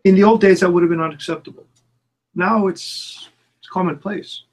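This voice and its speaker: Halting middle-aged man in casual chat. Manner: halting, repeats words, lively swings in pitch. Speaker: songwriter and producer.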